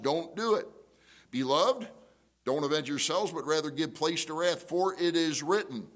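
A middle-aged man preaching a sermon, telling a story and acting out the voices in it with big jumps up in pitch. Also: unhurried. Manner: animated storytelling, jumps high to act out quotes. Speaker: pastor. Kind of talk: sermon with acted-out anecdote.

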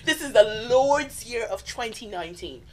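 A woman's voice: on the high side, moderate pace, poor audio. A woman, co-hosting a casual podcast and telling stories with lots of laughter. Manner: animated, laughing storyteller. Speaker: podcast co-host.

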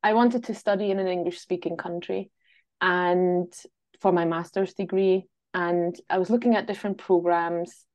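In a muffled recording, a woman with a lowish, darkish voice chats casually as an interview guest, laughing from time to time. She's an Austrian travel writer whose accent carries a Glasgow Scottish overlay.

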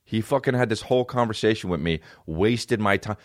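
Deep-voiced man riffing on a podcast. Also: fairly quick, no room sound, clean studio sound. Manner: profane, riffing, jumps between bits and impressions. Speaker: comedy podcast host. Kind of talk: rambling comedic monologue.

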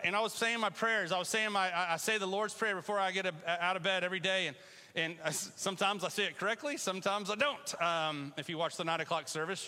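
Animated preacher with a bright, high voice. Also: male voice, big-room sound. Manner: conversational and animated, with bursts of loud call-and-response. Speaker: pastor. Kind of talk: sermon. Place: church sanctuary.

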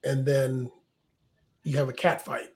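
A man co-hosting a casual podcast chat, halting and searching for words with many fillers. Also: mid-range voice, little pitch movement, darkish tone, slightly rough. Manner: halting, lots of fillers and restarts. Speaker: podcast co-host.

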